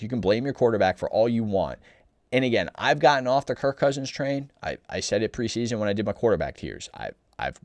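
A man delivering a blunt, opinionated sports talk monologue, exasperated and animated, often restarting his sentences. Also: lowish voice, no room sound, studio quality. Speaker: sports commentator.

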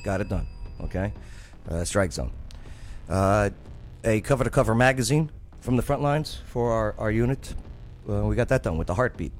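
This radio host, once an army journalist, speaks in a low, expressive voice at a moderate pace with a New Jersey accent. He tells stories in casual chat and performs other people's lines, with faint music in the background.

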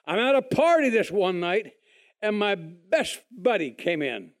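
A man telling his testimony in a folksy, animated way, acting out other people's lines. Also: sits high, unhurried. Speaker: speaker giving a testimony. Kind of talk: testimony storytelling.

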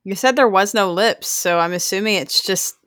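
A woman's voice: mid-range voice, normal speed, a bit bright, clean tone, no room sound, studio quality. A woman playing a tabletop game, asking unsure questions and hedging often. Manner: unsure, asks questions, hedges with "like". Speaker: player.

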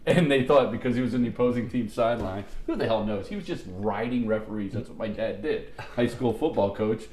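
A man's voice: mid-range voice, fairly quick, a little mellow, echoey room. A middle-aged man telling long, rambling, profane stories to friends on a podcast, with restarts and laughter. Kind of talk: casual storytelling among friends.

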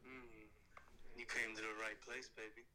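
A man putting on a sultry sex hotline voice. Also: moderate pace. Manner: low, breathy come-on, flat delivery. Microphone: heard over a phone on speaker.

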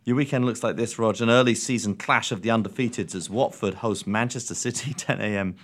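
A man co-hosting a sports chat, reading match listings and ad copy in a brisk, dry manner. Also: on the low side, fairly bright tone. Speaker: podcast co-host.

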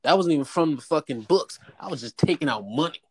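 A young man in casual chat telling a story in an animated, profane way. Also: quick pace, slightly rough. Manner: animated, profane storytelling with raised-pitch quotes.

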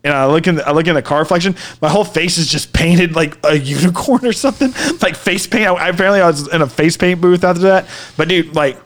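A man on a podcast spins a long personal story, rambling and casual and packed with "like" and "dude". His voice sits a touch high. He turns earnest and reflective as he goes. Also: fast talker, hardly any pauses, a bit bright. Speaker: podcast co-host.

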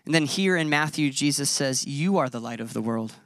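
A man's voice: medium pitch, animated, a little fast, fairly bright tone, no echo, clean studio sound. A man in his thirties preaching a sermon as a pastor, conversational and self-deprecating. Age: 30s.

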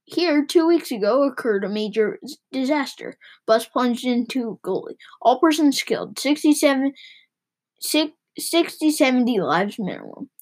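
A gleeful, bellowing male coach driver who talks in riddles and sings out his warnings, put on by a woman reading aloud. The voice sits noticeably higher than the reader's own and stays loud. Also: lively intonation, normal speed. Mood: mock-solemn. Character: reckless boastful male mail-coach driver.

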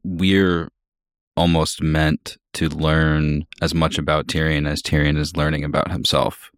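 Very deep-voiced man musing on a podcast. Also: little pitch movement, no echo, clean studio sound. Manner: thinks aloud with pauses and restarts. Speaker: podcast co-host. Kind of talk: casual book-discussion chat.

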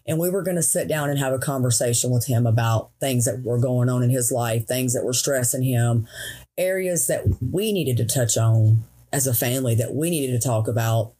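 A woman speaks as an interview guest, raw and earnest. Her pace drags and then rushes as she talks. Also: a bass voice, warm tone, husky. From Tennessee, USA. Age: 40s. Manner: earnest, raw, slows and speeds while recounting grief. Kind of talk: emotional personal interview.

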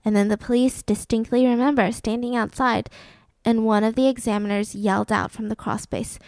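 A woman's voice: fairly high pitch, steady tone, brisk, a little mellow, dry recording. A young woman co-hosting a podcast, telling a true-crime story in a chatty way, full of "like". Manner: chatty, filler-heavy with "like". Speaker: podcast co-host.

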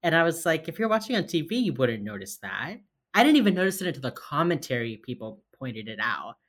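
A woman co-hosting a podcast, casually recapping a TV episode, swearing freely and retelling scenes in quick quoted bits. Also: sits low, very animated. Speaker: podcast co-host.

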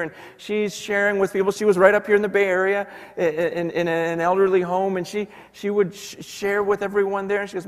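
High-voiced man preaching in a hall. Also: normal speed. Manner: storytelling with quoted voices, swinging from hushed to loud. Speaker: pastor. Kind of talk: sermon. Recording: long hall reverb.

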